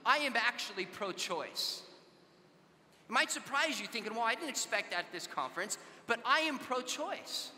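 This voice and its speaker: A man's voice: extremely high pitch, animated, moderate pace, pushed and bright, big-room sound. A man from Southern California speaking to a youth conference, telling conversational stories and acting out the dialogue. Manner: conversational, acts out dialogue in anecdotes. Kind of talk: storytelling talk to a youth audience. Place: large conference hall.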